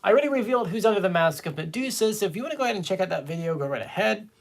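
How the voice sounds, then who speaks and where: A man's voice: sits high, animated, very fast, vocal fry. A man hosting a casual live stream, chatting and reading viewer comments aloud. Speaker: fan show host.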